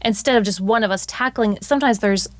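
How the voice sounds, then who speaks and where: A middle-aged woman co-hosts a podcast as a counselor, talking gently and backing her partner up with frequent agreement. Her voice sits in a middle pitch. The recording is close and dry, with no room around it. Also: quick pace, no echo. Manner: gentle, affirming, frequent "mm-hmm". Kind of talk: casual conversation.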